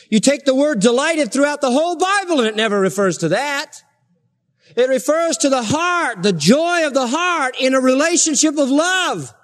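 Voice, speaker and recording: A man preaching a sermon, reading scripture aloud and rising sharply in emphatic indignation. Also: high-pitched. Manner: reads scripture aloud in King James wording.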